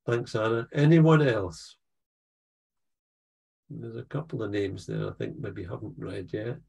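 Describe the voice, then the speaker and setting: A middle-aged man, leading an online poetry workshop over a video call in an encouraging, unhurried way. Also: lowish voice, steady tone, creaky, a little mellow, breathy edge. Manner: encouraging, unhurried, reads poems aloud.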